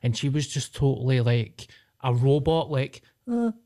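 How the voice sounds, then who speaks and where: A man co-hosts a casual podcast in an easygoing, storytelling manner. His voice is warm and mellow, pitched in the middle for a man. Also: fairly even intonation, moderate pace. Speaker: podcast co-host.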